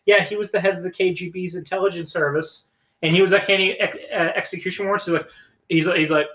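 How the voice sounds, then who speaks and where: A man's voice: high voice, quick pace, poor audio. A man co-hosting a podcast, chatting casually about comedy films and animatedly retelling scenes. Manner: animated storyteller, acts out quotes. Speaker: podcast co-host. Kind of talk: casual chat.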